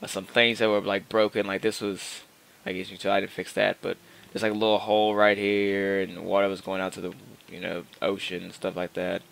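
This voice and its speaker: Low, fairly quick, and fairly bright, this man's voice has vocal fry and little pitch movement. As a gaming channel host, he gives meandering, casual commentary into his own microphone, stumbling through fillers and restarts.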